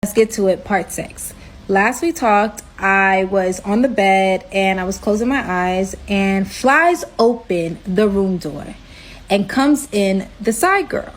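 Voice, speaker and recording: A young woman, from Brooklyn, telling a personal story in an animated, slangy, emphatic way. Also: mid-range voice, slow. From Brooklyn, New York. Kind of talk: storytime vlog.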